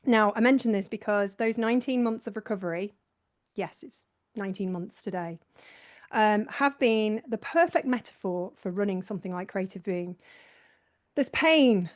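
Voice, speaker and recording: A woman's voice: medium pitch, moderate pace. A woman hosting a live online session, talking casually through her slides in a chatty, self-mocking way and laughing often. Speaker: host presenting a slideshow.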